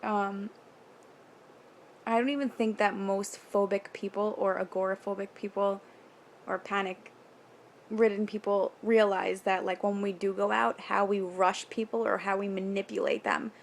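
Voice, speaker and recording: A woman's voice: medium pitch, little pitch movement, vocal fry. Candid young woman rambling on a vlog. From New York. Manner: rambling, candid, swears casually, quick nervous asides. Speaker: vlogger. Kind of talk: casual confessional vlog. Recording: faint background noise.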